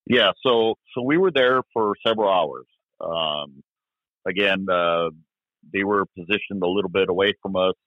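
A man, a former police officer, recounting events in an interview, halting with many fillers and restarts. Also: sits low, no room sound. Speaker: retired police officer guest. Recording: dry, tinny phone-like line.

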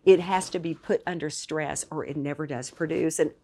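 A woman guest telling a personal story in an animated, expressive way. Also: low-pitched, normal speed. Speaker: podcast guest. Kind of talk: storytelling in conversation.

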